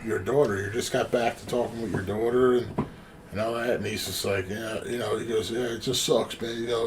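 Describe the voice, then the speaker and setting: Low-voiced man rambling through a story. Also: noisy background. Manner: rambling, profane, animated retelling with quoted voices. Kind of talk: casual storytelling chat.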